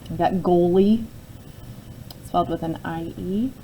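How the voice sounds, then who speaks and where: A woman's voice: lowish voice, unhurried, lo-fi sound, slight background noise. A woman teacher talking through a spelling and syllable lesson step by step, often checking in with her students. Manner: patient, explains step by step with frequent "okay?" check-ins. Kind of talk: phonics lesson, talking through a word sort.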